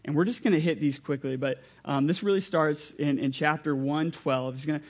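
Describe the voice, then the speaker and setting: Young guy preaching, a bit high-voiced, casual and energetic, keeps asking the room "right?". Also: a little fast. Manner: conversational and energetic, with asides. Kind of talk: sermon.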